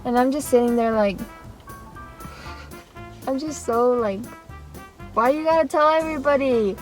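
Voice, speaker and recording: A young woman tells a storytime in a rambling, animated way, acting out what everyone said. Her voice sits a little high, with soft music under it. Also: a little slow, low-quality recording. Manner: rambling and animated, with laughs and acted-out quotes. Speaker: vlogger. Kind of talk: casual storytime.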